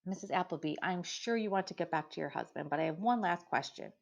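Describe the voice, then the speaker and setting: A woman voicing a kindly, shrewd older grandmother who asks gentle, probing questions. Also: fairly low pitch, fast, gravelly. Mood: gently probing. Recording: dull lo-fi recording.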